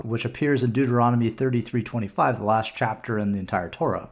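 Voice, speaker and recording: A Canadian man tutors through a screen-recorded lesson, recorded on a computer microphone. He talks at a medium pitch and walks through each point patiently, step by step. He sometimes restarts a word before going on. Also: brisk. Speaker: bar mitzvah tutor. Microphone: computer mic for a screen recording.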